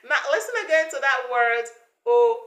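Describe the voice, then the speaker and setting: Slow, bright-voiced woman teaching vowel sounds. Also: fairly high pitch, lively intonation, reverberant. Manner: slow, deliberate, repeats sounds for learners to copy. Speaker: pronunciation teacher. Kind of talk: English pronunciation lesson.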